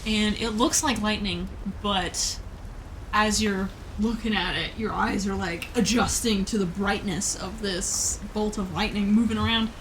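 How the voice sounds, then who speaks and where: A woman narrating as game master of a tabletop game, relaxed and laughing often, with many fillers. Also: mid-range voice, unhurried, slight background noise, poor audio.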